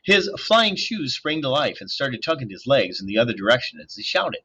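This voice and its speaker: A man reading a novel aloud in an expressive, storytelling manner. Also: medium pitch, a little fast, breathy edge, lo-fi sound. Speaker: audiobook reader.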